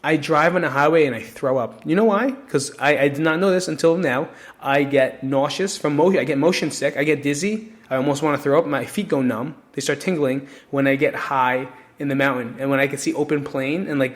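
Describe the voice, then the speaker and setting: A man's voice: fairly high pitch, fairly quick, hardly any pauses. Candid, swearing male podcast host. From New Jersey. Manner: candid, emotional and profane, talks straight to listeners. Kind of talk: casual solo podcast monologue.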